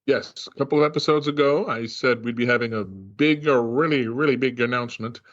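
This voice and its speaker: A man's voice: mid-range voice, brisk, lo-fi sound. A man with a Boston accent, co-hosting a technical podcast in a chatty, storytelling way. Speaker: podcast co-host, trainer. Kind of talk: casual podcast chat.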